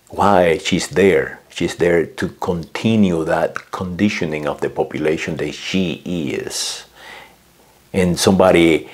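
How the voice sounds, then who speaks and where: Slow low-voiced man ranting. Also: breathy edge. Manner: slow, hesitant, repeats words and says "uh" often; lectures with acted quotes. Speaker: vlogger. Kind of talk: political rant.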